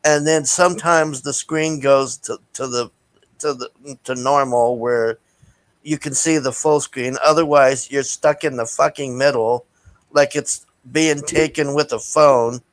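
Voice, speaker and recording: A man at an ordinary middle pitch talks through a film in a loose, rambling review. He is blunt and crude, stumbling over restarts and filling pauses with ums and uhs. The sound is dry and close, with almost no room in it. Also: steady tone, no echo, poor audio. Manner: blunt and profane, with many fillers and restarts. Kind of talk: casual rambling movie review.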